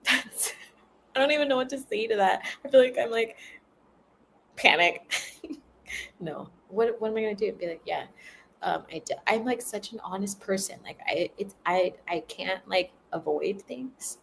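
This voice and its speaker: Giggly rambling woman with vocal fry. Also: mid-range voice, moderate pace, a little hiss or hum, rough recording. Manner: giggly, rambling, laughs often. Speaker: spiritual content creator. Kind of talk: casual livestream chat.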